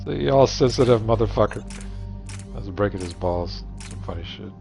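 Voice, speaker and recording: Profane, low-voiced middle-aged man gaming. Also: lively intonation, fairly quick, vocal fry. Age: 40s or 50s. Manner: profane, rambling, wisecracking. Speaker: gamer streaming. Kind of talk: casual rambling gaming chat. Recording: dull lo-fi recording, faint music.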